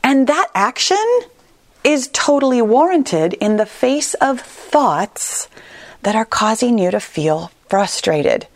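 A woman hosting her own coaching podcast, speaking to listeners in an earnest, caring tone. Her pitch moves a lot as she talks. The sound is dry and close. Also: sing-song, takes it slowly, no echo. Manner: earnest, reassuring, conversational. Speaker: weight-loss coach, podcast host. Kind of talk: solo podcast monologue.

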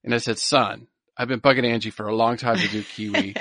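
A man's voice: fairly low pitch, fairly even intonation, fairly quick, a bit bright, no room sound, studio quality. A man in his thirties co-hosting a podcast in casual chat, enthusiastic and repeating words for emphasis. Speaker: podcast co-host.

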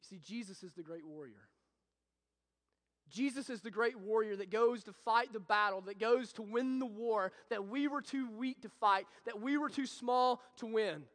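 A man preaching a sermon as a pastor, building with repeated phrases and then dropping to soft, intimate tones. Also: very high voice. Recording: long hall reverb.

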